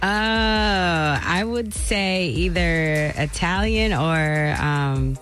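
A woman's voice: lowish voice, very slow, fairly bright tone, faint music behind. A woman co-hosting morning radio, giggly and playful. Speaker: radio co-host.

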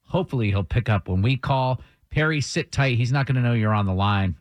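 An upbeat male morning radio host who retells a listener's story with theatrical flair. His voice sits at a middle pitch. The sound is dry and close, with no room around it. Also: brisk, dry recording, highs cut off. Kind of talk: morning radio prank call segment.

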